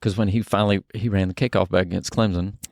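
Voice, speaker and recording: A man's voice: low-pitched, steady tone, gravelly, darkish tone, no echo. Guy cohosting a sports pod, jokey, laughs a lot, dry close sound. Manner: joking, laughs at his own jokes, drawn-out storytelling. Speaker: podcast co-host. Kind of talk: casual sports chat.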